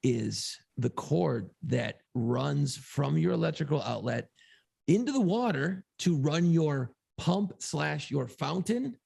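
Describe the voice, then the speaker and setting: Gravelly, profane man telling a story. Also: on the high side, expressive, slow, a little mellow. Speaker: podcast co-host. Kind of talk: casual storytelling chat.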